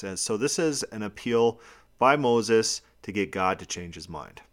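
A man with a lowish voice leads a podcast Bible study. He reads scripture passages aloud, then breaks each one down in plain, explanatory terms. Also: expressive, moderate pace, fairly bright tone. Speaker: Bible teacher.

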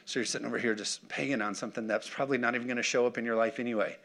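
A male pastor speaks very fast in a steady, mid-range, somewhat bright voice, delivering a conversational sermon. He often checks in with the congregation and calls for responses.

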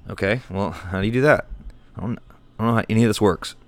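A man's voice: lowish voice, quick pace. A man hosting an improvised comedy rant, talking in an exasperated, profane and irritable way.

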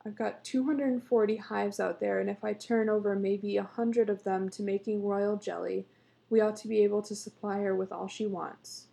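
A woman's voice: medium pitch, fairly even intonation, moderate pace, gravelly, mellow, lightly acted. A woman voicing a proud, teasing beekeeper husband in a read-aloud story, coaxing and patient as he explains himself. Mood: boastful.

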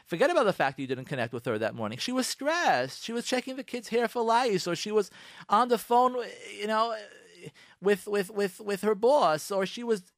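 Animated man lecturing on marriage. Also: sits high, normal speed, no echo, clean studio sound. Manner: animated, acts out both spouses in quotes, lectures the listener directly. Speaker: radio host giving marriage advice. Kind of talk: direct-address advice talk.

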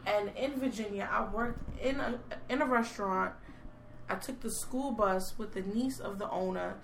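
A woman with a gravelly, creaky voice tells a story bluntly and frankly, in casual podcast talk. She sounds like she is in an echoey room, with faint noise in the background. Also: medium pitch, moderate pace. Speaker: guest.

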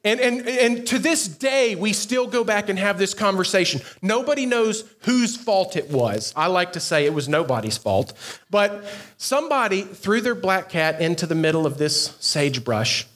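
A pastor with a high voice tells a story in a youth sermon. He is animated and laughs often, breaking off for quick asides to the students.

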